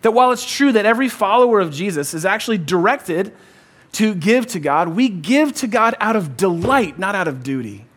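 Guy preaching a sermon, kinda high voice, casual "like" and "kinda", repeats phrases, gets the crowd to call back. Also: expressive, moderate pace, a bit bright. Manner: emphatic, repeats key phrases, calls for audience response; conversational, uses "like" and "kinda". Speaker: pastor.

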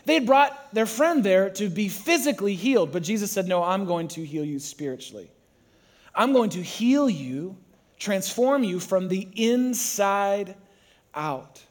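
A man's voice: sits high, very animated, measured pace. A man preaching a sermon to a congregation, who tells the story with energy and acts out the voices. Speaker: pastor.

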